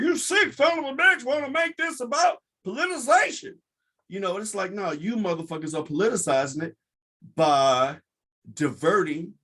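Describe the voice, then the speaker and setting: A man's voice: on the high side, a bit bright. A man hosting his own show, giving an impassioned, blunt and profane commentary monologue. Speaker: podcast host.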